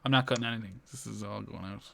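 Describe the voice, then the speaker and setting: Bright-voiced man teasing his co-host. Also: fairly low pitch, creaky, a little hiss or hum. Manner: teasing, sweary, quick banter. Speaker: podcast host. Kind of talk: casual podcast chat.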